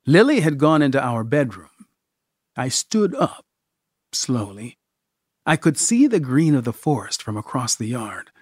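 A man narrating a first-person story in a measured, expressive audiobook style. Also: medium pitch, breathy edge, no echo, clean studio sound.

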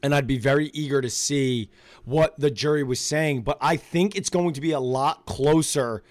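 A man co-hosting a casual live stream, excitable, swinging from hushed to loud. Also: mid-range voice, moderate pace, no echo. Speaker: co-host.

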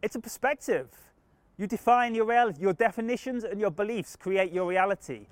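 Man channeling friendly alien collective, high voice, dry close sound, earnest formal new age talk. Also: fairly quick, no echo, close to an everyday voice. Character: benevolent alien collective speaking as we. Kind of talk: channeling session.

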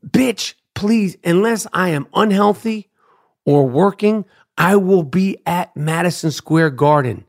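Brash, gravelly New man ranting. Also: sits high, a little slow. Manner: loud, brash, trash-talking, repeats "Duke". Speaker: podcast host. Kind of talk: profane ranting monologue.

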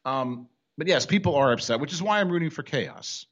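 Animated wisecracking male sports host. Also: a little high, brisk, highs cut off. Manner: animated, wisecracking, rambling with restarts. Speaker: sports talk show host. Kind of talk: casual sports talk.

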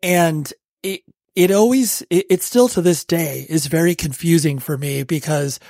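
A man in his forties from Southern California interviews a guest, eager and halting, stumbling over the start of his questions. His voice sits a little high and the sound is dry and close. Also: vocal fry, a little mellow, no room sound. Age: 40s. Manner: eager and halting, repeats words when starting. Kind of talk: casual interview.

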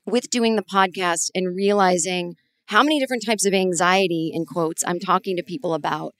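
A woman in her forties hosting a podcast, telling a long personal story in a rambling, animated way with many restarts. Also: lowish voice, fairly quick. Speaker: podcast host. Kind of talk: conversational interview.

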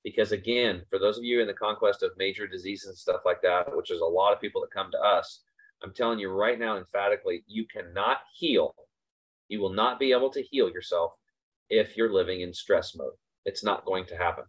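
A man with a lowish voice talks briskly as he hosts a casual motivational talk, pressing his points emphatically and repeating them for stress. The lo-fi recording is slightly dull.

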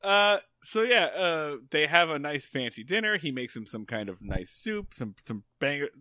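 A man's voice: on the high side, sing-song, moderate pace, sharp tone, no echo, clean studio sound. A man co-hosting a casual podcast, recapping a TV episode in a jokey way and quoting the characters in voices. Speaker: podcast co-host.

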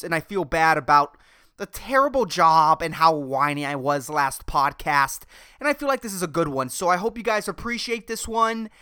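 A man hosts a casual solo podcast, ranting and rambling with plenty of swearing. His pitch swings widely, and his voice is bright and clear. The recording is dry and close. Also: no room sound. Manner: profane, rambling, exasperated ranting. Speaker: podcast host.

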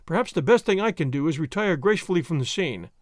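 Man narrating a story, dramatic, high lively voice, dry close recording. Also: fast talker, no room sound. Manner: expressive, dramatic reading. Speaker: audiobook reader.

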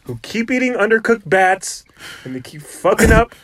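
Joking comedian host with a slightly high voice. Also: male voice, very animated, moderate pace, a bit bright. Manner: loose, joking, swears freely, trails off and restarts. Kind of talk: casual podcast banter.

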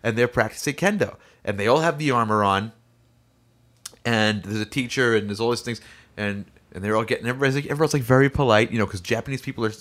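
A young man in casual chat, telling a lively story and acting out the voices of people in it. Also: medium pitch, quick pace. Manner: animated, acts out voices in stories.

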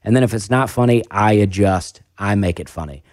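A man with a faint Southern accent chats casually as a guest, his voice sitting a little low. He rambles and runs himself down, often restarting his sentences. The sound is dry and close, with no room echo. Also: a little fast, darkish tone. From American South. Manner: rambling, self-deprecating, frequent restarts. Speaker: stand-up comedian guest. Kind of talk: casual podcast conversation.

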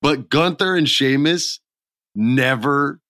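A man hosting a wrestling podcast, chatting casually and telling stories with excitement. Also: mid-range voice, slow pace, dry recording, studio quality. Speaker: podcast host. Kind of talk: casual chat.

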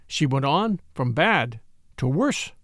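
A man reading an audiobook as narrator, in an expressive, theatrical manner. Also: medium pitch, slow pace, no room sound, clean studio sound. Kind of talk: scripted narration.

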